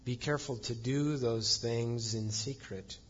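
A man's voice: mid-range voice, steady tone, measured pace, slightly rough, highs cut off. A man preaching a sermon as pastor, reading scripture aloud and stressing points with emphasis.

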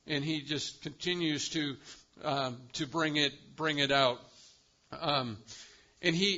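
Guy preaching real slow and emphatic, bright tense voice, kinda dull lo-fi sound. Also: a little high. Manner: slow, emphatic preaching with swells in volume and quiet drops. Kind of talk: sermon.

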